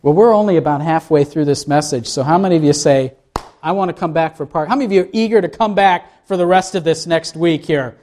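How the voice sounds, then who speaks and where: Guy preaching a sermon, kinda high voice, acts out the quotes, keeps throwing questions at the congregation. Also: fast talker, darkish tone. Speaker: pastor.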